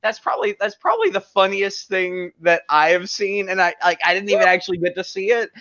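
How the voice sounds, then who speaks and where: A man's voice: high-pitched, expressive, a little fast, sharp tone, no room sound, highs cut off. A man telling a story in casual chat, rambling with lots of fillers. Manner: rambling, chatty, with many fillers. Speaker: co-host.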